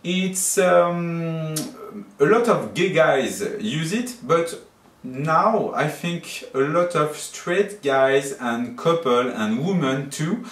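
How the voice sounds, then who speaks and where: A French man with a noticeable French accent talks slowly and haltingly in a casual vlog, often stopping to search for the right English word. His voice sits a little high for a man. He is recorded from a distance in a roomy, echoey space. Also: animated, a bit bright. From France. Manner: halting, searching for words, slightly shy. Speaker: vlogger. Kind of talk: casual product review vlog. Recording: roomy echo, mic at a distance.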